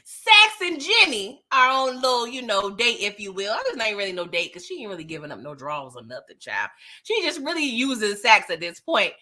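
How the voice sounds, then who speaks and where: Lively, bright-voiced woman recapping a show. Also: mid-range voice, brisk. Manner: animated, playful, acts out characters' lines; chats with live viewers. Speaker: TV recap host. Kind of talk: casual recap and review chat.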